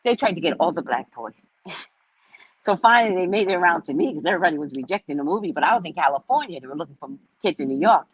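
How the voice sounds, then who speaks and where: Casual livestream host: a woman with a husky voice, dull lo-fi sound, profane storyteller. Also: on the low side, lively intonation, fast, dry recording. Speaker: psychic reader and host.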